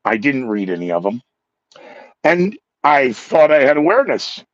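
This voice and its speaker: A man and former radio DJ talks through his podcast with a lively, swooping pitch, mocking himself and acting out the people he quotes. His throat is sore. The sound is dry and close, a little dull and lo-fi. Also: moderate pace, dry recording. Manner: animated, acts out quoted coworkers, self-mocking. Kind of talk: casual monologue with news headlines.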